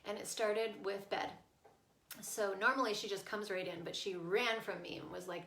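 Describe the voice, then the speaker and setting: A woman's voice: mid-range voice, normal speed, a bit bright. A woman parenting coach explaining, earnestly and casually, how to stay with a child through a tantrum. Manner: earnest, explaining, checks in with "right?". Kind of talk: casual teaching talk. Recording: echoey room.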